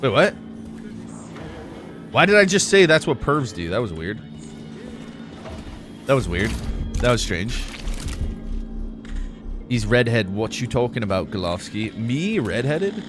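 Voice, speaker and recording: A man's voice: mid-range voice, lively intonation, unhurried, pauses often, music in the background. A young man casually chatting while he streams a game, rambling and laid-back, full of "like" and "dude". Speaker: gaming streamer. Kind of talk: casual chat while playing.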